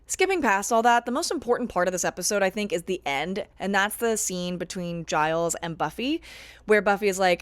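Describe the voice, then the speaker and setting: A young woman talks through her notes on a series in a loose, animated vlog style, quick to apologize and laugh at herself. Her voice sits at an ordinary middle pitch. The recording is dry and close, with almost no room echo. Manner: chatty, animated, self-deprecating. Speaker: TV show reviewer. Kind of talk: casual vlog commentary.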